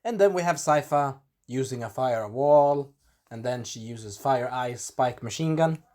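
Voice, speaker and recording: A man giving a casual spoken episode recap, animated and breaking into character voices, clearing a scratchy throat. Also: unhurried. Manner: animated, acts out characters in sudden high voices. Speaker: video reviewer.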